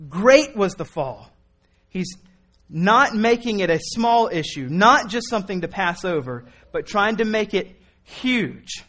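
High-voiced pastor preaching, earnest and pleading, gets really fired up. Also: male voice, sing-song, measured pace. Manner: earnest, pleading, swings from quiet to impassioned. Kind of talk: sermon.

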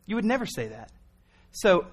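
A man preaching a sermon in an earnest, pleading way, moving from quiet reasoning to impassioned appeals. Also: sits high, big pitch swings, moderate pace, breathy edge. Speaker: pastor.

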